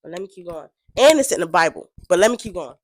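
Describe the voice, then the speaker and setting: A woman's voice: lowish voice, lively intonation, fast, slight background noise. Chatty woman reacting to a song. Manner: rambling, frank, full of fillers. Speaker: reaction vlogger. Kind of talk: casual reaction commentary.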